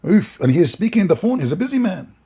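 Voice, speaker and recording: A man's voice: sits high, big pitch swings, quick pace, dark tone, husky. Scornful man mocking a video. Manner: sarcastic, scornful, laughs often. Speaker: commentator.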